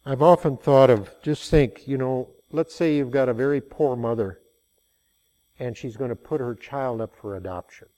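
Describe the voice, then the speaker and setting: A man's voice: mid-range voice, normal speed, dark tone. An older man preaching a sermon, telling stories in a folksy way and rising into emphatic passages.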